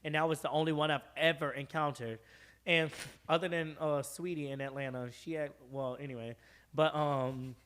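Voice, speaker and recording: Young guy from georgia on a podcast, kinda high voice, animated and swearing a lot. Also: moderate pace, clear, resonant tone. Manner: animated, profane, acts out the people he quotes. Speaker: podcast guest. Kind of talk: casual storytelling.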